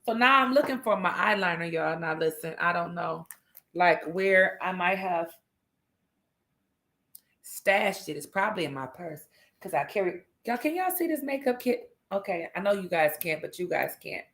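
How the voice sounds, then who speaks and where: A woman's voice: lowish voice, expressive, moderate pace, a bit bright. A woman hosting a casual morning livestream, chatty and laughing often as she greets viewers by name. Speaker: livestream host.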